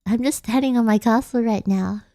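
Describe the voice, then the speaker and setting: A young Australian woman, a vtuber streamer, chats playfully late at night, giggling and rambling casually. Her voice is on the high side and mellow, and she talks a little fast. The studio-quality sound has no echo.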